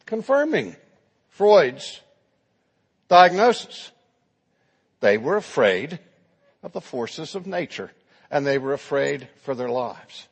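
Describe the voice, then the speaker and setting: Gravelly preacher in a reverberant hall. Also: male voice, medium pitch, very animated, takes it slowly, pauses often. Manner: dramatic storytelling with acted quotes. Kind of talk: sermon.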